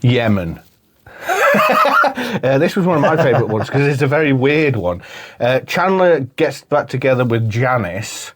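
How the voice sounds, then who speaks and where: Man co-host: casual, rambling, laughing, mid-pitched with a lively range. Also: a little slow, long pauses. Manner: rambling, laughing often, acting out quotes. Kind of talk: casual chat.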